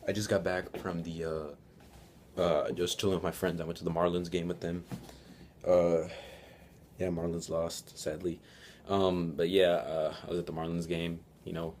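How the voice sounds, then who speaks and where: Teen vlogger guy, very low voice, rambly and swearing, telling a story. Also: a little mellow, a little hiss or hum. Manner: rambling, profane, laughing. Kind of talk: casual storytelling vlog.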